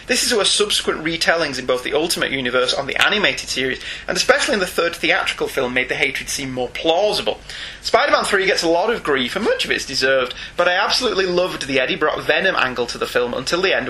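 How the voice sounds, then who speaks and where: A jokey man with a Northern English accent chats casually on a podcast and reads out listener emails. His voice sits fairly high and swings widely in pitch, with a very bright tone and a faint hiss of noise behind it. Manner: teasing and jokey, laughs often. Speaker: podcast co-host.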